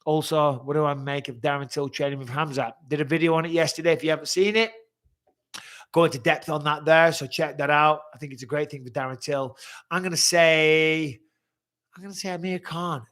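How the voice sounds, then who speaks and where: A man's voice: on the high side, fairly even intonation, brisk, fairly bright tone. A middle-aged man hosting a live stream, reading viewer questions and answering bluntly with frequent swearing. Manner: blunt, swears freely, reads questions aloud.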